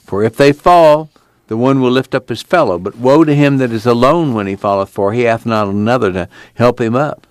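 A man's voice: medium pitch, brisk, dry recording, close to an everyday voice. A man voicing an earnest young fugitive farm man in an audiobook, with plainspoken rural dialect. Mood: reflective. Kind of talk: audiobook character reading.

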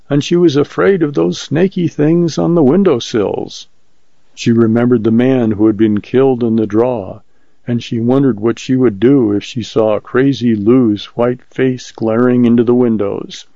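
Male volunteer story reader, steady and measured, gravelly dark tone; dry, lo-fi recording. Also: medium pitch, dry recording. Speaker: volunteer reader of short stories. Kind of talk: audiobook story narration. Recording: dull lo-fi recording.

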